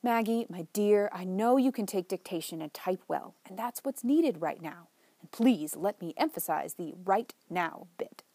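A woman's voice: mid-range voice, expressive, dark tone, breathy edge, no echo. A woman voicing an earnest young male secretary. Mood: persuasive. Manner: persuasive, brisk, teasing.

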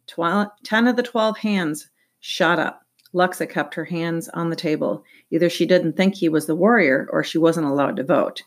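A woman narrating an audiobook in a steady reading voice, with a few small slips. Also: on the low side, moderate pace.

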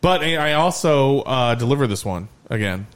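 A man hosting a podcast, telling stories in a lively, casual way and swearing freely. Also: mid-range voice, normal speed, clear, resonant tone. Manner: animated storyteller, swears freely. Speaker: podcast host.

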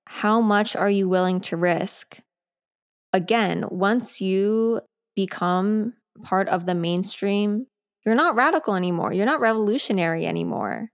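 A young woman in her twenties hosting a podcast alone, talking casually and earnestly, often saying "like" and getting sidetracked. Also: mid-range voice. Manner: chatty, sidetracked, frequent "like". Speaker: podcast host. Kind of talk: casual solo podcast talk.

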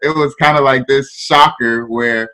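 A man's voice: mid-range voice, fairly even intonation, measured pace, sharp tone. A man from Ghana with a Ghanaian accent, a guest telling his life story in an interview, laughing often and checking in with "right?" and "you know".

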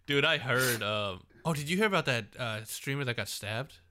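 A young man co-hosting a casual podcast, chiming in with quick reactions, jokes and laughs. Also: medium pitch, animated, sharp tone. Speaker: podcast co-host. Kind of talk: casual chat.

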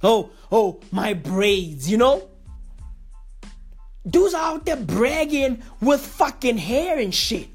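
A woman doing an excitable, profane comedic rant, packed with repeated slang catchphrases and sudden comic pitch jumps. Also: slow, husky, faint music behind.

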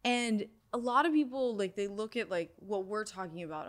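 A young adult woman, a sound healer, talking casually in an interview and telling a personal story in an animated way, with many "like"s. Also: medium pitch, normal speed.

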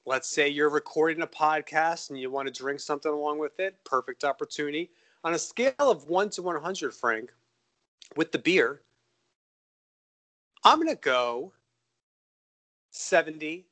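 Brief: male podcast co-host, slightly higher pitch, animated and jokey, casual tasting talk. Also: moderate pace, pauses often. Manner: upbeat, joking, animated. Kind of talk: casual beer-tasting chat.

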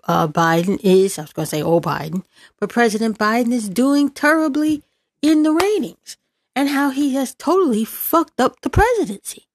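A woman's voice: a little high, gravelly, dry recording. A woman political commentator who reads out news, then rants in a sarcastic, exasperated way, repeating words for emphasis.

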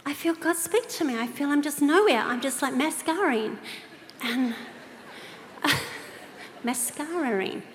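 High-pitched woman preacher, chatty storytelling sermon, long echo in a big hall. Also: normal speed, slight background noise. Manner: animated, personal storytelling with laughs and direct questions to the audience. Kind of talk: sermon to a women's gathering. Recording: reverberant hall with faint ambience.

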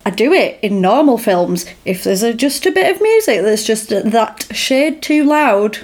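A woman's voice: a little high, sing-song, measured pace, darkish tone. A woman in casual chat, laughing often and acting out the characters as she retells a film. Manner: chatty, laughs a lot, acts out lines. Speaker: podcast co-host.

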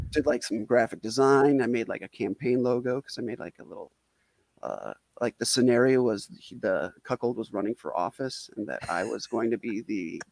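A man's voice: mid-range voice, creaky, no room sound. A man from Wisconsin telling a self-deprecating comic story in a casual, rambling way, full of "like" fillers. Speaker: storyteller guest.

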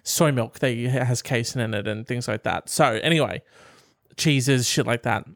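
A man co-hosting a casual chat, telling stories in a wry, animated way and swearing along the way. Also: mid-range voice, normal speed, gravelly, no room sound, clean studio sound. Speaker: podcast co-host reading questions.

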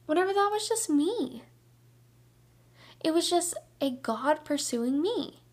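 A young woman hosting a Christian devotional podcast, talking in an earnest, energetic, chatty way with lots of casual fillers. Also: high voice, slow pace. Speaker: podcast host.

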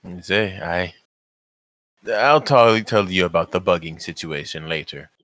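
Man in character at a tabletop game, low voice, stammers and repeats words, dry close sound. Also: a little slow, fairly bright tone, dry recording. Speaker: player. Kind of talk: in-character tabletop role-play.

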